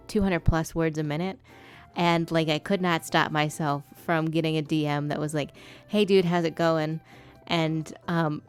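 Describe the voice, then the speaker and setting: A woman's voice: low-pitched, smooth. A woman streamer chatting casually while she draws, swearing freely and now and then putting on a polite customer-service voice.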